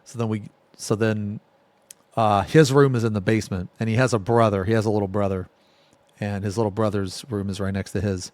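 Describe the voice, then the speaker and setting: A man's voice: on the low side, steady tone, a little fast, a little mellow, dry recording. A man telling a spooky personal story on a live stream, casual and rambling, full of fillers and swearing. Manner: rambling, profane, filler-heavy.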